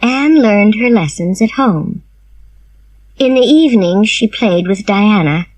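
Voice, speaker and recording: Woman, storybook reader, slow, clear, expressive, lively intonation, dry close recording. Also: medium pitch, no echo, low-quality recording. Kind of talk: graded reader narration.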